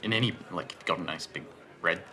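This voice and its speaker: A man's voice: low voice, brisk, sharp tone. A man playing a tabletop game, easygoing and agreeable. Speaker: player. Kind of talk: tabletop role-play.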